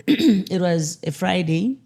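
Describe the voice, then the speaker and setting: A grieving mother telling her story in an interview, candid and halting, often quoting what others told her. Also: lowish voice, expressive, dark tone, husky. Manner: candid, halting, with restarts and quoted dialogue. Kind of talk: emotional personal storytelling.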